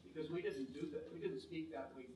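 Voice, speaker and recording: A man from Canada in a conference audience, explaining a point in a measured, thoughtful way. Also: fairly high pitch, crowd noise. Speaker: audience member. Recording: roomy hall, far mic, background noise.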